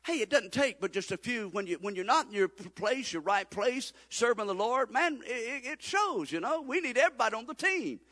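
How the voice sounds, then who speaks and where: A man, preaching a sermon as pastor, swinging from loud appeals to low confiding asides. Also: animated, a little fast, few pauses, long reverb tail. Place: church sanctuary.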